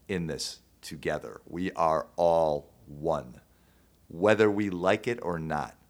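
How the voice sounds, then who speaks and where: A man with a notably deep voice speaks straight to his listeners in a sincere, emotional monologue. He pauses, restarts and presses on with conviction. He sounds like the host of his own show. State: choked up at times. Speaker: podcast host. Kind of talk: heartfelt monologue.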